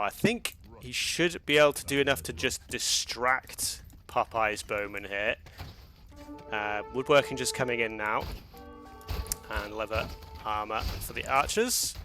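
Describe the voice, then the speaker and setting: A man's voice: medium pitch, bright, forceful tone. A man casting a live strategy game match, chatty and loose, restarting his sentences often. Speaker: game caster.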